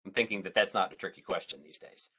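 A man's voice: low voice, fast talker, pushed and bright, breathy edge. A man, a museum science educator, leading an online family science lesson, playful and full of questions for his audience.

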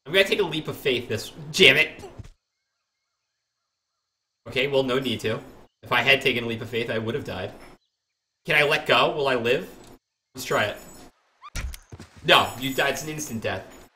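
Young man, live game commentary, very bright tone, lively pitch, faint background noise. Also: normal speed, long pauses. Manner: animated, rambling, jokey, self-mocking. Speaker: streamer.

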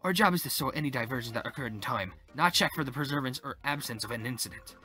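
A man's voice: medium pitch, expressive, quick pace, pushed and bright. A man reading a strict senior time-records officer aloud in a put-on French accent, lecturing a newcomer. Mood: stern lecturing. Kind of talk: reading game dialogue aloud.

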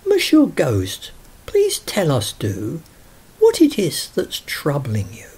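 Brief: man reading as a fearless schoolgirl, firm and no-nonsense, lively pitch. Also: takes it slowly, husky, exaggerated voice. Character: brave, bold little schoolgirl. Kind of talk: storybook reading.

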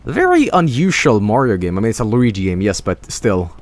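A man's voice: lowish voice, wildly swooping pitch, fairly quick. A young man giving casual live gameplay commentary, rambling and full of fillers. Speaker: streamer.

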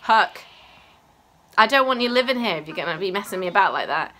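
A woman's voice: mid-range voice, big pitch swings, fairly quick, bright, forceful tone. A woman giving casual, gushing and giggly commentary over her gameplay. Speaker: gaming YouTuber. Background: game music.

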